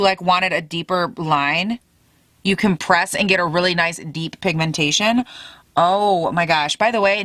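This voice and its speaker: A bubbly, excitable young woman reviewing makeup on camera and chatting to her viewers like friends. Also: lowish voice, dry recording. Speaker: beauty vlogger.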